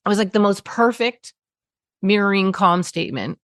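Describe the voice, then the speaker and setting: A woman, a parenting expert telling stories in an interview, animated, acting out quotes and laughing often. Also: mid-range voice, moderate pace, no echo, studio quality. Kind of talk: conversational storytelling interview.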